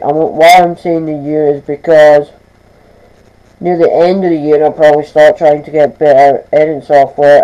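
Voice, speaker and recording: A man's voice: on the high side, dark tone, clear, resonant tone, poor audio. A teenage boy vlogging casually to camera, stammering and restarting his sentences as he talks through plans. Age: teens. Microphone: camera mic.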